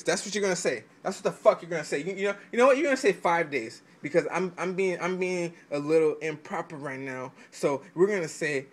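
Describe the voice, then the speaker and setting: High-voiced man ranting profanely. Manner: heated, profane, stammering with frequent restarts; swings into loud mock-quoted outbursts. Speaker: vlogger giving selling advice.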